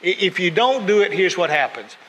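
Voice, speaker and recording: With a high-sitting, very animated voice, this preacher speaks briskly and with a sharp edge. He tells stories in his sermon and gives voice to those he quotes. A faint hiss and long hall reverb color the audio.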